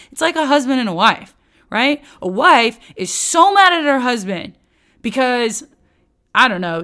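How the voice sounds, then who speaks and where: Animated woman teaching on a podcast. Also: fairly high pitch. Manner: animated, candid, self-aware, talks straight to listeners. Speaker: podcast host teaching the Bible. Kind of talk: conversational teaching.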